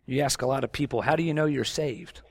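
A man preaching a sermon, swinging between loud emphatic stretches and quiet, intense asides. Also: medium pitch, quick pace, vocal fry, breathy edge, no echo, studio quality. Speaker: pastor.

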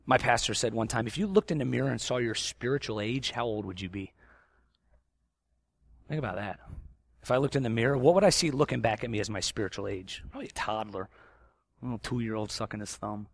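A man preaching a sermon, swinging between loud emphatic stretches and quiet, intense asides. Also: mid-range voice, fairly quick, creaky, dry recording. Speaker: pastor.

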